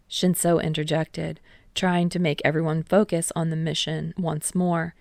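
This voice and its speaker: Low gravelly woman narrating. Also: a little slow, no echo, studio quality. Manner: steady storytelling, voicing all characters. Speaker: podfic reader. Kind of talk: scripted narration.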